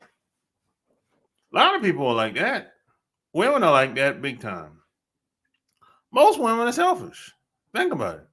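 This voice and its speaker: A man's voice: sits high, huge pitch swings, measured pace, pauses often, a bit bright, breathy edge. A man hosting a podcast livestream, talking in a laid-back, slangy way and laughing often. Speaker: podcast host. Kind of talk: casual livestream chat.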